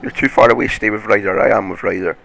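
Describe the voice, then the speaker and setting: A man giving casual, excitable game commentary, swearing often and laughing at his own play. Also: lowish voice, fast talker, creaky, a little hiss or hum. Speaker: gaming commentator.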